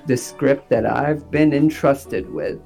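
A man who is an actor and director, talking in a rambling, animated way with many fillers. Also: mid-range voice, slow pace, vocal fry, soft background music. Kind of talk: casual interview talk.

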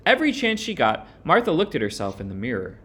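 A man narrating a children's storybook in an expressive, sing-song read-aloud manner. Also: a little high, fast talker, breathy edge.

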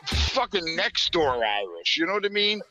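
A man's voice: a little high, big pitch swings, moderate pace, dull audio, over music. A man ranting profanely as a guest on a casual comedy podcast.

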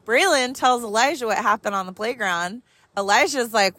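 An animated woman in her thirties tells a long story in a car while she drives. She talks casually and swears freely, and she laughs often as she goes. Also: a little high, moderate pace, dry recording. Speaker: mother telling a story.

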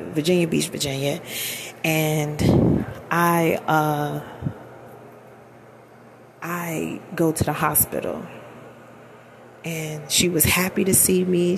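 A woman's voice: sits low, vocal fry, background noise. A woman in her thirties telling a personal story in a candid, emphatic, colloquial way. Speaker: vlogger.

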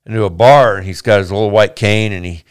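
A man tells a long bar joke in a loose, rambling way, slipping into each character's lines as he goes. His voice is smooth and clear, recorded close and dry. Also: lowish voice, steady tone, fast talker, dry recording. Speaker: podcast host telling a joke. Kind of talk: casual joke telling.

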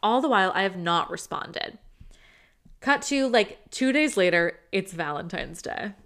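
A young woman with a bright, clear voice co-hosts a casual chat podcast. She tells her story in an animated way, slipping into quoted reactions of exaggerated disgust. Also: mid-range voice, a little slow. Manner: animated storytelling, quoting herself with dramatic disgust. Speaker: podcast co-host.

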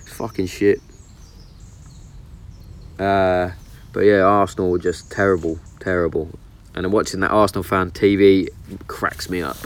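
A man's voice: sits low, level tone, slow, long pauses, a little hiss or hum. A man chatting casually and bluntly about football on his vlog, swearing freely as he gives his opinions. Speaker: vlogger. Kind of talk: casual chat. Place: outdoors in the countryside. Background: birdsong and outdoor ambience.

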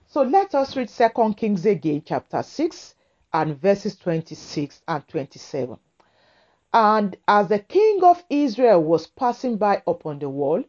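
A woman preaching a sermon to women, with a slow, emphatic, repetitive cadence. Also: medium pitch, mellow, highs cut off.

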